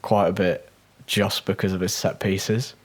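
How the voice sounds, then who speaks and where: A man's voice: low-pitched, little pitch movement, measured pace. An English man co-hosting a football podcast, talking casually and decisively, reading out lists. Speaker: podcast co-host. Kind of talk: casual chat.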